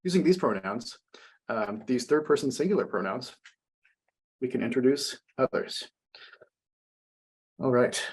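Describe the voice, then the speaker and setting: Brief: young man, French teacher, husky voice, patient and explanatory, sounds out phrases slowly. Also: medium pitch, lively intonation. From United States. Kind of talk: classroom language lesson.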